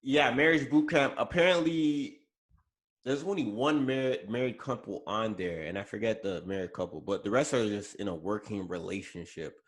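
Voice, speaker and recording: A man's fairly low voice moves at a moderate pace as he co-hosts a podcast. His talk is casual pop culture chatter about celebrities, peppered with fillers and self-corrections.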